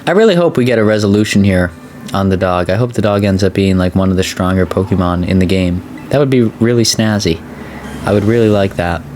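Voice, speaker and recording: A man hosting a let's play, chatting casually and excitably as he plays. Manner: chatty, excitable, voice jumps high when excited. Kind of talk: casual gameplay commentary.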